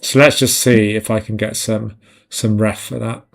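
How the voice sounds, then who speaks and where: A man's voice: lowish voice, level tone, moderate pace, gravelly, soft background music. A man chatting casually and swearing while he paints on a live stream, rambling and self-mocking. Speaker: digital art streamer.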